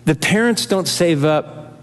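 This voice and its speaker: A man's voice: fairly high pitch, lively intonation, slow pace, in a large hall. An older man preaching a sermon to his congregation, earnest and emphatic, often repeating key phrases for weight. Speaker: pastor.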